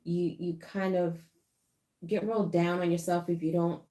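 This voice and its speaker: A woman's voice: lowish voice, little pitch movement, measured pace, warm tone, roomy sound. A young adult woman co-hosting a channel, talking casually to viewers in a thoughtful, hesitant way with many fillers. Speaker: co-host.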